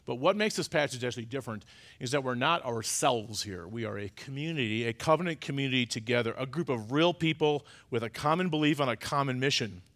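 A middle-aged male pastor delivers an emphatic sermon at a fairly quick clip, his medium-pitched voice expressive and choked up. He swings between loud, urgent stresses and quiet, confiding asides.

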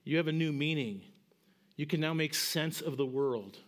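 A middle-aged pastor preaching in a lively, conversational way, his voice sitting high for a man. He pushes up into bright, emphatic peaks as he drives a point home, then drops back to easy storytelling. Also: moderate pace. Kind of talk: sermon.

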